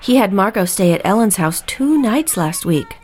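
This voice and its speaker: An actress playing a worried housekeeper in an audio drama, speaking in a hushed, confiding way. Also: female voice, medium pitch, big pitch swings, moderate pace, slight background noise, natural voice. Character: woman, worried family housekeeper.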